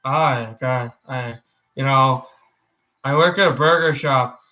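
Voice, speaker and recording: A man imitating a weary, deadpan cartoon burger-shop dad in a low, flat drone. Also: a little slow.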